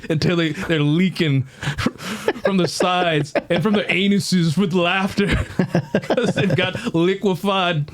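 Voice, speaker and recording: A man's voice: high voice, steady tone, slow. Trash-talking man cutting a promo. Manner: loud trash-talking wrestling promo delivery with laughing asides. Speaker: guest comedian. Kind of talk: comedy podcast banter, wrestling-promo bits. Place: podcast studio.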